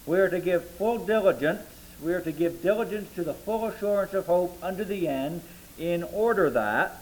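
A man pastor preaching a sermon, reading scripture aloud and slowing down to stress its key words. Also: on the high side, slight background noise, low-quality recording.

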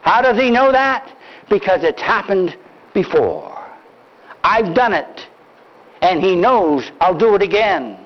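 An older man preaching a sermon, telling a story in an animated, deliberate way, heard on a dull lo-fi recording. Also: high-pitched. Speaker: pastor.

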